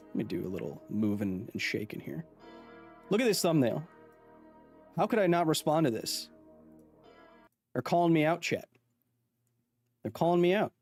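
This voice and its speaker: A man's voice: medium pitch, darkish tone, dry recording, clean studio sound. A man in his thirties hosting a live stream, chatting casually and jokingly and reading out viewer comments. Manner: playful, joking, reads chat aloud. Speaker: host.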